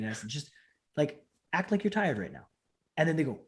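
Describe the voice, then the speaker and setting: A man's voice: brisk, pauses often. A man in his thirties, a professional wrestler and trainer, chatting in an interview from home over a video call and acting out quotes as he tells stories. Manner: animated storyteller acting out quotes with big pitch jumps. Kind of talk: casual interview chat.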